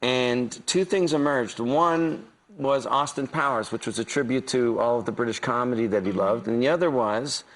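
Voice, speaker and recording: A middle-aged man, a guest on a talk show, chatting in a quick, joking and self-mocking way. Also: medium pitch, low-quality recording.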